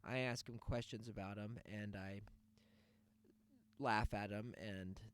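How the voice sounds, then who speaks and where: A man's voice: lowish voice, steady tone, slow pace, clear, resonant tone. A man hosting a podcast, going on a sarcastic, profane rant in a casual monologue. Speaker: podcast host.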